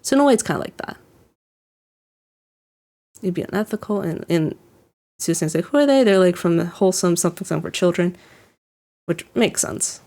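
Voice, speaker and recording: Her voice is lowish, gravelly, and warm, brisk in pace yet broken by long pauses. Reacting casually to an anime episode, she rambles with plenty of "like" and restarts and chuckles as she describes scenes.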